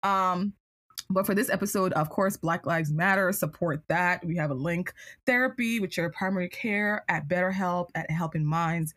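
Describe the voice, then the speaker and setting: A young adult woman hosting a podcast, telling a story in an animated casual way, with "like" as her constant filler. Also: fairly low pitch, moderate pace, dry recording. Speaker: podcast host.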